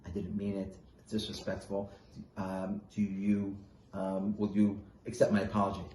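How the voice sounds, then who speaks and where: A man voicing a poor male wedding jester, an eager showman who turns low and apologetic. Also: completely flat delivery, moderate pace, warm tone, reverberant, slight background noise, close to an everyday voice. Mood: contrite.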